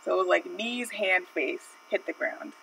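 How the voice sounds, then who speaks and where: A woman's voice: fairly low pitch, normal speed, creaky, a bit bright, recorded from a distance, a little hiss or hum, low-quality recording. A woman streaming while she draws, telling a personal story in a rambling, chatty way with lots of fillers. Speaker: art streamer. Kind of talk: casual live-stream storytelling.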